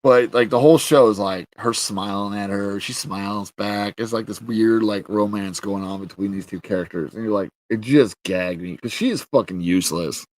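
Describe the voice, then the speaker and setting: A man's voice: fairly low pitch, normal speed, hardly any pauses. A man reviewing a show in casual, ranting commentary, exasperated and profane, with lots of filler words.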